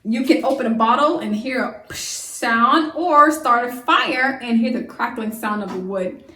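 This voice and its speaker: A woman teaching a science lesson to young children, lively and full of questions that she answers herself. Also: a little high, unhurried, far from the mic. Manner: lively, asks the class questions and answers them. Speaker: homeschool teacher. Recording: echoey room, voice from away from the mic.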